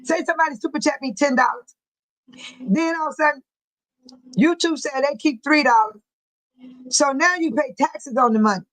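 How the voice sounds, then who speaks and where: A woman's voice: high voice, normal speed, long pauses, fairly bright tone, no echo, rough recording. An older woman from the Chicago area hosting a casual livestream, chatty and laughing often as she reads viewer comments aloud. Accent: Chicago-area American English. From United States. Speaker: livestream host.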